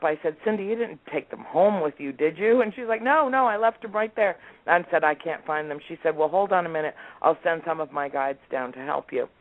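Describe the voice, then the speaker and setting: Heard through a phone or call line, the audio is tinny and dry. A woman in her sixties with a low-sitting voice is an interview guest telling family stories remotely, lively in her delivery as she acts out the lines her family members spoke.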